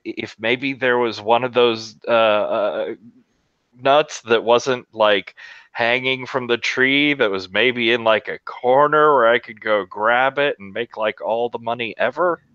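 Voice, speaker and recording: Bright-voiced man on a dull, lo-fi mic. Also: medium pitch, clean tone, no room sound. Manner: hesitant, with halting restarts. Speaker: player. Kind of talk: casual in-character chat.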